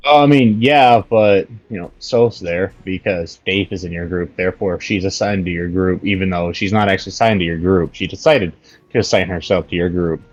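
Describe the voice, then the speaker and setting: A man's voice: low voice, normal speed, no echo, highs cut off. A man playing a tabletop game, chatting loosely and jokily with plenty of swearing. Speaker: player. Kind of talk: casual tabletop game chat.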